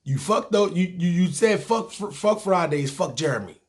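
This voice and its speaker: A man's voice: high voice, animated, moderate pace. A man with a New York accent telling a long personal story in a casual, profane, streetwise way, acting out other people's lines. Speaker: storyteller, podcast host.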